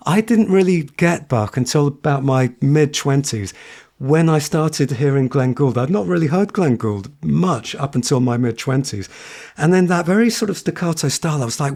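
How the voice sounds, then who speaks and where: A man's voice: on the high side, a little mellow. A man teaching a piano tutorial, often singing phrases on nonsense syllables as he explains. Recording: piano played behind speech.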